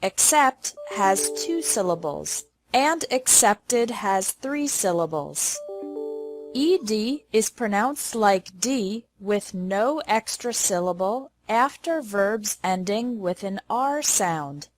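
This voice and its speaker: Woman teaching pronunciation, slow and careful, mid pitch. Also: expressive, music in the background. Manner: slow, deliberate model words. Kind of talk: pronunciation lesson.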